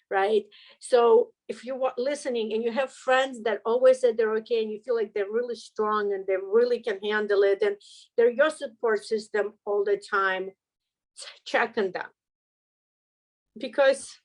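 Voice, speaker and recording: A woman's voice: a little high, rough recording. A middle-aged woman sharing a personal story as an interview guest, speaking candidly and expressively, with laughter breaking into hard moments. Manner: earnest, heartfelt. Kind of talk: emotional personal testimony.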